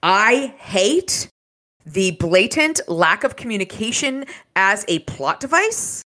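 A woman co-hosting a podcast in casual book-discussion chat, relaxed and quick to laugh. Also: medium pitch. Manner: relaxed, laughs easily, agreeable. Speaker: podcast co-host.

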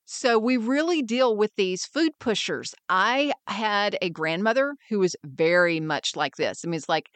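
A woman hosting a wellness podcast, talking in a lively way and acting out quoted friends in raised voices. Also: medium pitch, a little slow, few pauses, no room sound. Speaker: podcast host and wellness mentor. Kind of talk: scripted podcast monologue.

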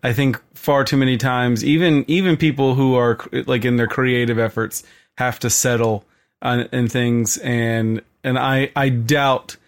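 Flat-voiced man, halting speech. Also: medium pitch. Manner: halting, restarts often while praising. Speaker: podcast co-host. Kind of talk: conversational interview.

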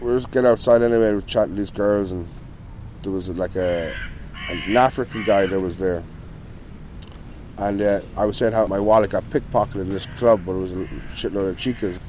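Speaking briskly in a fairly low, steady, slightly mellow voice, an Irish man appears as an interview guest on a poor recording with some hiss or hum. He tells a long, meandering story casually, cursing in nearly every line.

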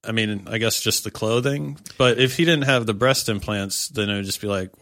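A man's voice: fairly low pitch, normal speed, fairly bright tone, no room sound, clean studio sound. A young man co-hosting a casual comedy podcast, laid-back and wry. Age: young adult. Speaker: podcast co-host.

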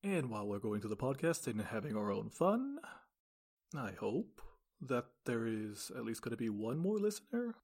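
Husky, gravelly man with dry humor. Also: mid-range voice, big pitch swings, normal speed, darkish tone. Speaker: podcast co-host. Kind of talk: casual podcast chat.

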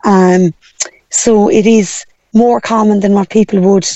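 A hoarse, croaky woman, a parent talking as a guest in a casual radio chat, hesitant and full of fillers. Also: medium pitch, fairly even intonation, a little slow, warm tone, dry recording.

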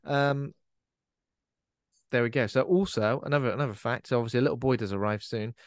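A man talks through a horror film in a relaxed, rambling way, with lots of ums and half-finished thoughts. His voice sits at an ordinary middle pitch. The recording is dry and close, with no room sound. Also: brisk, no room sound. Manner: chatty, trails off with fillers and laughs. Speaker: podcast co-host. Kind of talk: casual film discussion.

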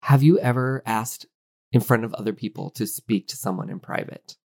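A man's voice: mid-range voice, normal speed, a little mellow. A man co-hosting a podcast, chatting casually about a film with wry, playful asides. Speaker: podcast co-host. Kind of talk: casual chat recapping a film.

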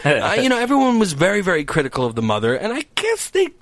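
A man's voice: sits high, quick pace. A man co-hosting a casual comedic podcast, swearing freely and laughing as he tells stories. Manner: profane, laughs often, animated storytelling. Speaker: podcast co-host.

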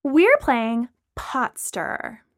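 Figure: woman voicing a sly young hostess. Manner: sweetly mischievous, bright, lively swoops. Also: a little high, drawn-out words, heavily acted. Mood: sly cheer. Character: scheming, theatrical young woman hosting friends.

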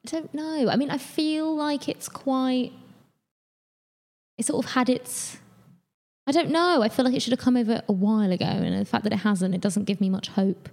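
A woman's voice: on the high side, normal speed, darkish tone, long reverb tail. A young woman with a London accent, chatting as a guest in a casual interview, giggly and self-deprecating. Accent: London English. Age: young adult. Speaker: guest, musical theatre actor. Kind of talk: casual chat.

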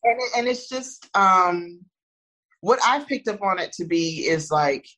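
A woman in casual conversation, speaking thoughtfully with a soft, soothing voice and frequent restarts. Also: medium pitch, animated, a little slow, low-quality recording.

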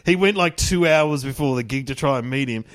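A man's voice: mid-range voice, brisk, fairly bright tone. A man, a comedian guest on a podcast, chatting and telling stories in a blunt, slangy way. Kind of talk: casual comedic storytelling.

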